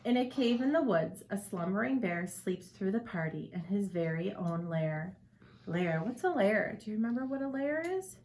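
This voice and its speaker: A woman teacher reading a picture book aloud to children, expressive and asking them questions. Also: a little high, normal speed, slight background noise.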